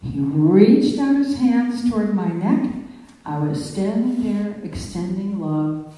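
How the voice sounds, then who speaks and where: A woman's voice: mid-range voice, expressive, takes it slowly, warm tone. A woman giving a talk, telling a story vividly with acted dialogue. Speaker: speaker. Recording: echoey hall from far off.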